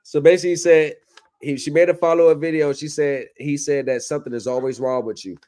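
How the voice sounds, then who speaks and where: Male livestream host, animated and profane, slightly higher voice. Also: fast talker. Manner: loose, profane, animated banter. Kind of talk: casual chat.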